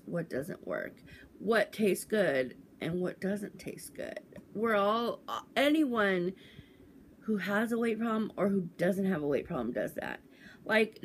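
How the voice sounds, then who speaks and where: A woman's voice: on the low side, slight background noise. A woman in her forties, talking casually and indignantly on her vlog, with lots of fillers. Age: 40s. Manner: indignant, chatty, many fillers. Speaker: vlogger.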